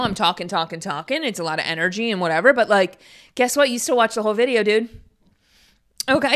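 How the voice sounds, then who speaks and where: A woman in her twenties hosting a podcast, rambling in casual chat full of fillers, her pitch jumping when she gets excited. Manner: chatty, rambling storyteller with many fillers. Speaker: podcast host.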